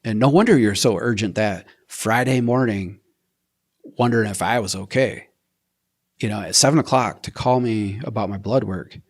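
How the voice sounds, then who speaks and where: A middle-aged man tells his story in a relaxed interview. His voice sits a little low, and he talks in bursts, restarting sentences and acting out what he and others said. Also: normal speed. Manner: animated, acts out his own quotes, frequent restarts. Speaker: program member telling his story.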